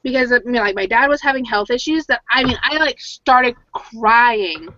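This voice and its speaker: Chatty bright-voiced woman storyteller. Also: a little high, animated, moderate pace, no room sound. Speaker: podcast co-host. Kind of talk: casual chat. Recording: dull lo-fi audio.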